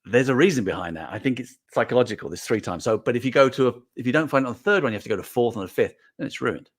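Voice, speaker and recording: A middle-aged man hosts a casual livestream, chatting and reading out comments as an animated, rambling storyteller. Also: medium pitch, rapid-fire. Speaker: host.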